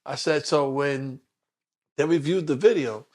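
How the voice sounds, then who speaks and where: A man, a detective telling stories in a relaxed interview. His voice sits high for a man, and he slips into other people's voices as he tells his stories. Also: measured pace. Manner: animated storyteller, acts out other people's voices. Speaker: retired police detective, guest. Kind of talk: casual storytelling interview.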